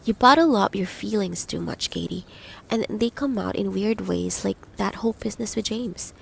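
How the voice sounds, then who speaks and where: Brief: caring, blunt young female friend, brisk and earnest, read by a woman narrator. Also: mid-range voice, gravelly, slight background noise.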